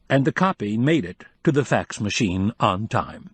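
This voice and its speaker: A man reading a cozy mystery novel aloud in a steady, measured storytelling manner. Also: fairly low pitch, husky, no room sound. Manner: steady, measured storytelling with light character voicing. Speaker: audiobook narrator. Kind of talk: scripted narration.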